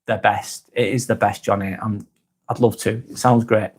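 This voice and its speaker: A man with a Lancashire accent, hosting a casual live vlog and reading viewers' comments aloud, then answering them in a softer, lower voice. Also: level tone, moderate pace, breathy edge. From Darwen, near Blackburn, northern England. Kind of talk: casual live-stream chat.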